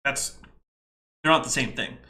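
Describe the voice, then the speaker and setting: A man's voice: mid-range voice, a little slow, sharp tone. A man hosting a casual commentary podcast, exasperated and nitpicking as he lectures about a video. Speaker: podcast host.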